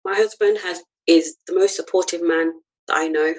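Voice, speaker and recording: A woman with a somewhat low voice speaks as a podcast guest. She tells her own story earnestly and from the heart, pausing on ums and restarting her sentences. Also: steady tone, rough recording. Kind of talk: personal story in an interview.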